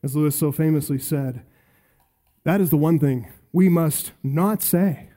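A man preaching an expository sermon, emphatic, slowing down to stress key phrases and building to punchy lines. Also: on the high side, warm tone. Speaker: pastor.

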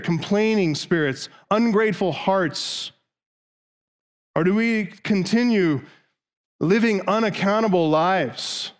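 Slow, clear-voiced male preacher. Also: a little high. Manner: rhetorical questions in long lists. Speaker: pastor. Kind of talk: sermon.

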